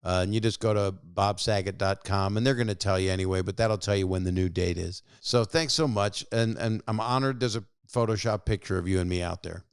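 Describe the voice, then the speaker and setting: A man's voice: on the low side, fairly quick, few pauses, clear, resonant tone, no room sound, clean studio sound. A man in his sixties, a podcast host chatting with callers and telling stories in a rambling, jokey, self-interrupting way. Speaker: podcast host calling listeners. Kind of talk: casual phone chat and rambling monologue.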